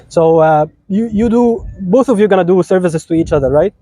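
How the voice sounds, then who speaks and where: A man's voice: sits high, a little fast, hardly any pauses, mellow, dry recording. A man with an Egyptian accent, a native Arabic speaker, giving an informal wedding sermon in a chatty, teasing way, often asking "right?". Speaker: officiant giving a wedding talk.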